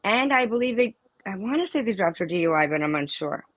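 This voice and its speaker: Speaking fast with big swings in her mid-range pitch, a middle-aged woman whose child is a student tells emphatic stories during an informal interview, restarting lines again and again. The audio is muffled, with no room sound.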